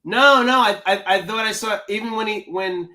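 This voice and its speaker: A man's voice: sits high, normal speed, sharp tone. A man co-hosting a podcast in casual chat, teasing and playful, often restarting his sentences. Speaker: podcast co-host.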